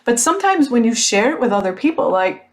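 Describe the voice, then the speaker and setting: A woman in her thirties hosting a podcast, telling a personal story in a casual motivational monologue, animated and frank, with plenty of fillers and the odd swear word. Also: fairly high pitch, brisk. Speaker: podcast host.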